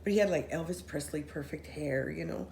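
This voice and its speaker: Woman, low voice, animated storytelling, run-on sentences, roomy echo, faint background noise. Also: fairly quick, vocal fry. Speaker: storyteller recounting a paranormal experience. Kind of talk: casual storytelling among friends.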